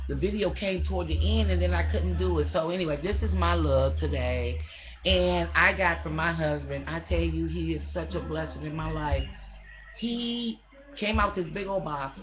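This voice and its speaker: A woman's voice: fairly low pitch, moderate pace, muffled recording, slight background noise. A woman vlogger in casual chat, emotional and gushing, often stumbling over her words with fillers.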